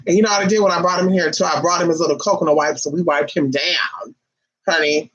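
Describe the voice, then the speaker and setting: A vlogger delivers a sassy, profane, emphatic rant to camera, calling listeners honey and baby. The voice is medium-pitched and fairly quick. The recording is dull and lo-fi, with crowd noise.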